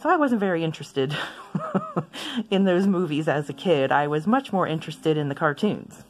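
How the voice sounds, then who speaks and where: A woman chatting casually as she swatches inks for her video, rambling into asides and gently poking fun at herself. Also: sits low, very animated, moderate pace. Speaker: stationery vlogger.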